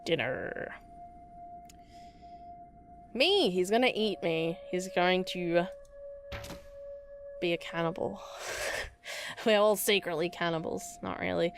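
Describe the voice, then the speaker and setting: A woman's voice: fairly low pitch, fairly even intonation, unhurried, pauses often. Young woman doing let's play chat, rambles, laughs at herself, music faintly behind. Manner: rambling, self-deprecating, laughs often. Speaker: gaming video host. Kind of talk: casual let's play commentary, reading game text aloud.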